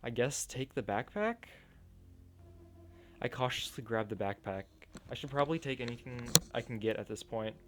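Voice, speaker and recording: A man's voice: medium pitch, animated, moderate pace. A man streaming a story game, reading it aloud and reacting in a casual, sarcastic way, swearing freely.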